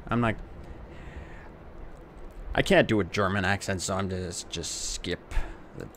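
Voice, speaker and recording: A man's voice: deep voice, unhurried, fairly bright tone, a little hiss or hum. A man hosting a let's play video, reading game text aloud with casual, jokey asides. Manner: casual, jokey asides between read lines. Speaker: gaming video host.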